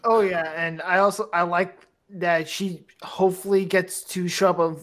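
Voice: medium pitch, fairly even intonation, moderate pace, fairly bright tone. A podcast host in casual fan chat, enthusiastic and rambling, often restarting phrases.

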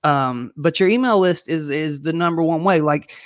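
Male business coach, slightly high voice, loose filler-laden livestream talk. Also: no echo, studio quality. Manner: excited, fast talker who skips points; filler-heavy, loose and conversational. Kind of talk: casual livestream teaching.

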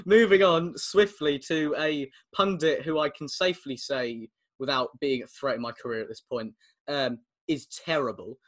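A young English man co-hosting a casual football podcast over a video call, chatty and quick to laugh. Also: on the high side, fairly even intonation, a bit bright. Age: young adult. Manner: chatty, laughs often, teasing. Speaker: podcast co-host.

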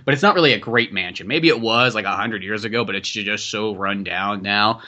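A man's voice: fairly low pitch, fairly quick, sharp tone. A man co-hosting a podcast, trading crude jokes in casual banter and laughing often. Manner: crude, jokey, laughs often, slips into silly put-on voices. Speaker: podcast co-host.

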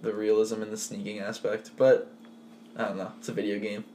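A man's voice: fairly low pitch, a little fast, a little hiss or hum. Laid-back joking podcast man. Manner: relaxed, joking, laughs often. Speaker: podcast co-host. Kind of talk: casual podcast chat.

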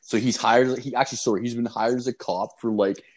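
A man's voice: mid-range voice, steady tone, fairly quick. A man telling a rambling, profane story in casual chat, filling it with "like" and "dude".

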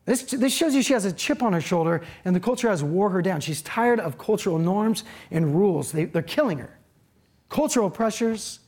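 A preacher giving a casual, conversational sermon, animated and speaking directly to the congregation. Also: mid-range voice, moderate pace.

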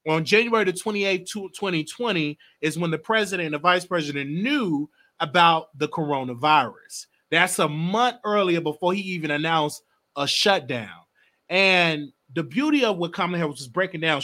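A man's voice: a little high, lively intonation, moderate pace, pushed and bright. A man hosting a live stream, giving casual, emphatic political commentary and swearing now and then.

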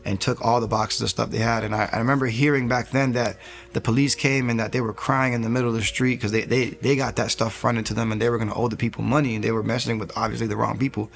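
A man's voice: medium pitch, level tone, fast, creaky, faint music behind. A man in his thirties, an interview guest, giving a personal faith testimony in an earnest, rambling way and acting out the lines he once said. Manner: earnest, rambling storyteller, acts out his own quotes.

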